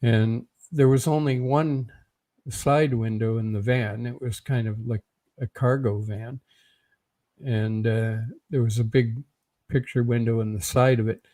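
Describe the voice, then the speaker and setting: An older man from Canada, an interview guest recounting a personal story in a halting way with frequent fillers. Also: medium pitch, fairly even intonation, mellow.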